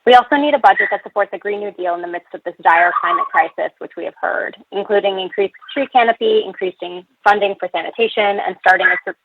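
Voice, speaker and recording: A woman's voice: mid-range voice, fast talker, few pauses, dry recording. A woman reading prepared testimony at a public budget hearing, earnest, with fillers between her points. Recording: tinny phone line, dry.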